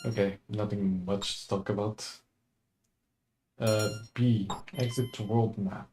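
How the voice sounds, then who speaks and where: A man's voice: lowish voice, fairly even intonation, slow, a little mellow, faint music behind. A young man chatting casually as he streams a game for the first time, laid-back and chuckling often. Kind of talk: casual let's-play commentary.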